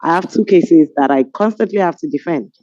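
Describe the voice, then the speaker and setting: A middle-aged Nigerian woman on a webinar panel, telling stories in an animated, amused way over a video call. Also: lowish voice, a little fast, dry recording. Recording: dull lo-fi video call audio.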